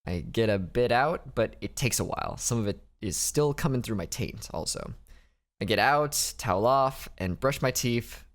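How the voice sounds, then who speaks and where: A man's voice: mid-range voice, expressive, moderate pace. A young adult man narrating a casual recovery diary vlog, candid and rambling, often breaking off with small laughs. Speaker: vlogger.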